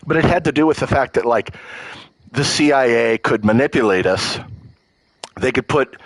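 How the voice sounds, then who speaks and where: In a rough, dry recording, a man with a mid-range voice hosts a livestream and rants about politics. He gets heated, emotional and profane, and he regularly stumbles over his words before restarting.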